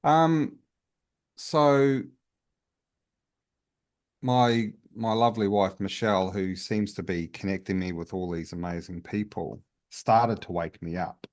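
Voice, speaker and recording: A man's voice: fairly low pitch, slow pace, darkish tone. A man, a guest healer, telling his story in a casual interview in an earnest, open way with many restarts.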